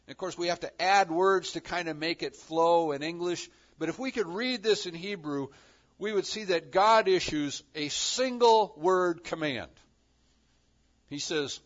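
A man preaching a sermon, acting out the voices of God and his listeners with lively emphasis. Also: fairly high pitch, measured pace, highs cut off.

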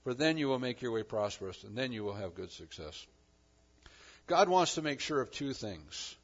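A man preaching a sermon, swinging between loud emphasis and quiet asides. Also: medium pitch, big pitch swings, normal speed, muffled recording. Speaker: pastor.

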